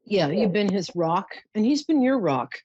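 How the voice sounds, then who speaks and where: A woman's voice: mid-range voice, sing-song, moderate pace, darkish tone, husky, no echo. Soothing woman psychic host, dull dry sound. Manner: soothing, showers callers with endearments. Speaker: psychic call-in show host. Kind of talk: call-in psychic reading.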